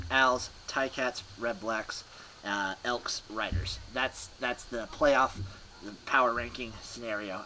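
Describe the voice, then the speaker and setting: A man's voice: mid-range voice, background noise. A man hosting a sports podcast, rambling in scattered, clipped fragments and laughing at himself. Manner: scattered, fragmented, self-mocking. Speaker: podcast host.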